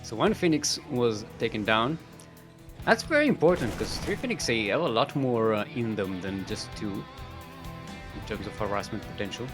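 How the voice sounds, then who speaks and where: Animated, rambling male game caster. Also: lowish voice, normal speed, over music. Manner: rambling, jokey, chuckling, many fillers. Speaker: esports caster. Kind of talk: live game commentary.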